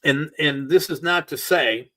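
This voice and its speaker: A man's voice: fairly high pitch, measured pace, sharp tone, low-quality recording. A middle-aged man hosting a solo talk show, ranting in an exasperated, sarcastic and profane way. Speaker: podcast host. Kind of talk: opinionated solo rant.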